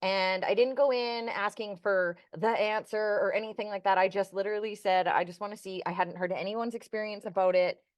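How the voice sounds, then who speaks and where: A woman's voice: mid-range voice, steady tone, a little fast, few pauses, no room sound, studio quality. A woman co-hosting a podcast, earnestly telling a personal story and acting out the remembered dialogue in casual chat. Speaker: podcast co-host.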